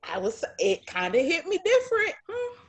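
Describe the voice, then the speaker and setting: A woman's voice: extremely high pitch, wildly swooping pitch, moderate pace. A woman co-hosting a reaction show, chatting casually and giving outspoken, slang-heavy opinions. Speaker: co-host of a reality TV reaction show. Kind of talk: casual chat reacting to a TV episode.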